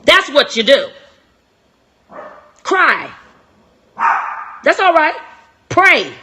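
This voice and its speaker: A young woman hosting a live-stream relationship talk, preachy and emphatic, repeating phrases and swinging from soft to shouting. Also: high-pitched, very animated, extremely slow, background noise.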